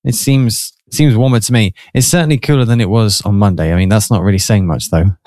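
Low-voiced easygoing studio co-host man. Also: a little fast, a little mellow, dry recording. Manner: easygoing, agreeable, hesitant fillers. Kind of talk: casual live studio chat. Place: small studio.

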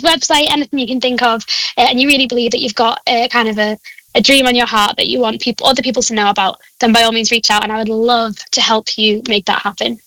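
A young woman speaks with a broad Liverpool Scouse accent, her voice bright and a touch high. She chats warmly and encouragingly, laughing often. The sound is dry and close. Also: fairly even intonation, fast talker, dry recording, rough recording. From Liverpool, England. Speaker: guest. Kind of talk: casual chat. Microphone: phone call.

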